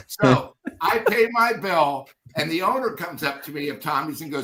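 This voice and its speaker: A man's voice: on the high side, expressive, normal speed, hardly any pauses, pushed and bright. A man on a sports podcast telling a brash, profane story and acting out both sides of the conversation. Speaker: panelist and season ticket holder. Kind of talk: animated anecdote on a sports podcast.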